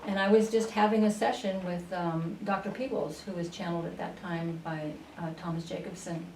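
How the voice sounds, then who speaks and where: Woman guest, lowish voice, roomy and distant studio sound, faint hiss. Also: fairly even intonation, darkish tone. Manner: unhurried, with frequent fillers and restarts. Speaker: interview guest, spiritual channeler. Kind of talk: storytelling in a radio interview.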